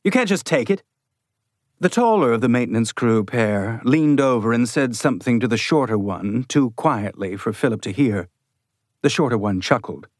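Reading scripted audiobook narration, a man uses a measured, steady storyteller's delivery at a medium pitch. The recording is close and dry, without any room sound.

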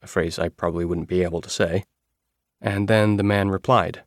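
A man reading a first-person novel aloud in a measured, even storytelling manner. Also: low voice, dry recording, studio quality. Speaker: audiobook narrator.

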